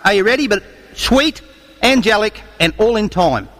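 Australian male stage comic, high voice, bawdy crowd banter, noisy live room. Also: lively intonation, normal speed, a bit bright. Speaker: entertainer leading an audience sing-along. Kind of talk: live comedic stage patter. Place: live venue with an audience.

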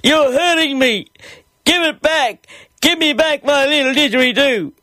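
A man's voice: very high-pitched, measured pace, bright, forceful tone, no echo, clean studio sound, pitched above the performer's own voice, full character voice. A man voicing an upset, tearful young boy of about six. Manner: whiny, tearful.

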